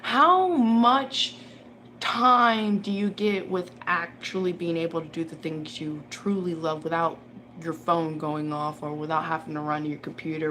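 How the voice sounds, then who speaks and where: A woman's voice: sits low, a bit bright. A woman reader talking casually in a rambling, profane monologue, laughing often as she rants. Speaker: tarot reader. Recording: background noise.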